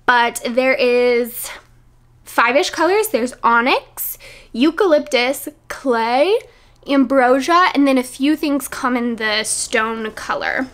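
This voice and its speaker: A woman's voice: high-pitched, a bit bright. A young woman with a Midwestern American accent, chatting bubbly and enthusiastic in a casual product review vlog, full of fillers. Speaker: vlogger.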